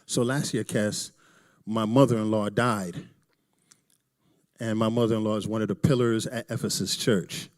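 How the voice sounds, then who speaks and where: A middle-aged man giving a candid, joking talk to a church audience, swinging between loud emphasis and quiet asides. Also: fairly low pitch, steady tone, moderate pace, pauses often. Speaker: church presenter.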